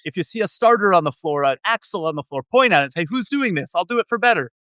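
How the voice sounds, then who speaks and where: A man voicing his gruff older immigrant father with a heavy Israeli accent, giving clipped orders. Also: high voice, animated, fast, bright, forceful tone, no echo, voice pushed up. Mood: bossy, insistent.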